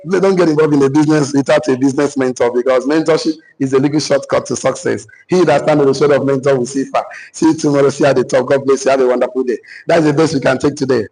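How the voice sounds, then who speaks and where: A man's voice: medium pitch, fairly even intonation, fast, few pauses, darkish tone, slightly rough, low-quality recording. A man with a Nigerian accent, a business mentor giving a preachy motivational talk with call-and-response, slipping into pidgin.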